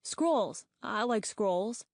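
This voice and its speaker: A woman's voice: medium pitch, lively intonation, extremely slow, no room sound, clean studio sound. Shy stammering young dragonet, as a woman reads him. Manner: hesitant, stammering.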